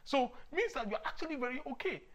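A lively male preacher weaves childhood stories into his sermon. His voice swings widely in pitch, and he breaks into chuckles and sudden shouts of emphasis as he speaks. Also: fast, dull audio. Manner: animated, laughs often, shouts for emphasis. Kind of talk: sermon with personal storytelling.

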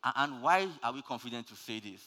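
A male preacher delivers a sermon with a bright, forceful tone of middle pitch. He swings from loud, rising calls to soft, low asides. His voice rings out with a long reverb, as in a large church hall. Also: lively intonation, fast.

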